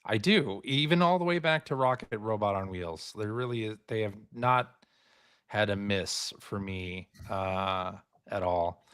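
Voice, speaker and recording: A man's voice: lowish voice, animated, unhurried, fairly bright tone, smooth. A man co-hosting a podcast, talking casually and enthusiastically with plenty of fillers. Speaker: podcast co-host. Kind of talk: casual chat.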